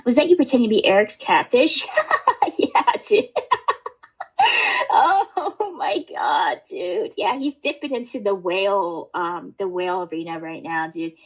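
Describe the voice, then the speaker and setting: A woman's voice: mid-range voice, very animated, measured pace, highs cut off. Rambling, swearing woman streamer. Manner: rambling, swears freely, many fillers and restarts. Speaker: livestream host. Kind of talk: casual livestream chat.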